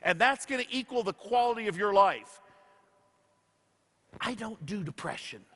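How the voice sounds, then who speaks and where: The recording captures a motivational speaker in an echoey hall, animated and high-pitched with a slightly bright tone at a moderate pace. He shares stories with the crowd, voicing the words people once said to him.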